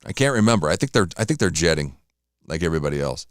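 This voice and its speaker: A man's voice: low-pitched, very animated, fast, smooth, dry recording, clean studio sound. A man hosting a morning radio show, chatting casually on his own, rambling between sports scores and snacks. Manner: rambling, chatty, talks while eating. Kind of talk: casual solo radio talk.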